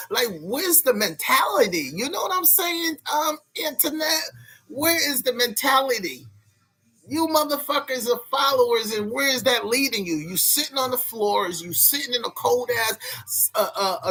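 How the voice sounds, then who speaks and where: Heated, high-voiced man ranting. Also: bright, forceful tone, husky. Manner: profane, heated, repetitive ranting. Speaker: vlogger. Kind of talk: ranting to camera.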